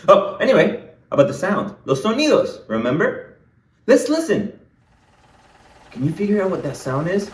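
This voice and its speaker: A man hosting a playful kids' lesson, his pitch leaping all over in a singsong, animated way. He speaks slowly and deliberately for little listeners. The voice sits back from the mic in an echoey room. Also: distant mic, a little hiss or hum. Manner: animated, singsong, talks straight to young kids. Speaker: children's language teacher.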